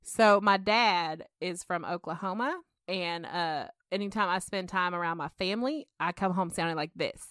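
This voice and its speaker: Young woman, lower voice, podcast co-host, rambly and giggly, close dry mic. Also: moderate pace, hardly any pauses, a bit bright, dry recording. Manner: chatty, laughing, rambling with many "like"s. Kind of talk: casual chat.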